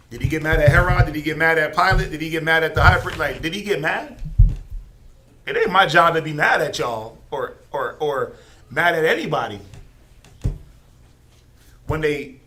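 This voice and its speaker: A man leads a Bible class in a loose, conversational preaching style. His voice is bright and forceful and sits a little high. He keeps asking the class rhetorical questions. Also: slight background noise. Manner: informal, many rhetorical questions.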